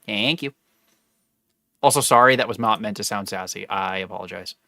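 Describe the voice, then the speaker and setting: Speaking at normal speed with a low-leaning voice, this young man has vocal fry and a sharp tone. He rambles to his stream's chat while gaming, often correcting himself. The sound is clean studio audio with no echo.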